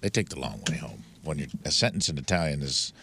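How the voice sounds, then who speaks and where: Deep, animated male radio co-host. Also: fast, vocal fry, slightly rough. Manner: jokey, breaks into shouted bits. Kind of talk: morning radio banter.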